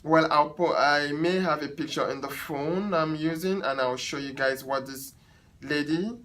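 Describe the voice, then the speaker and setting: A hairstylist from Africa telling a story to viewers, chatty, animated and exasperated. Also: male voice, on the high side, measured pace, rough recording. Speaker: hairstylist and vlogger. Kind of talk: storytelling vlog.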